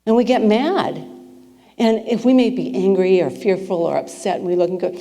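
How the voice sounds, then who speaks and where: Warm-voiced woman minister in a reverberant hall. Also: mid-range voice, normal speed, soft background music. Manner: chatty and playful, asking the congregation questions. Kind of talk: conversational sermon. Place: spiritual center sanctuary with a congregation.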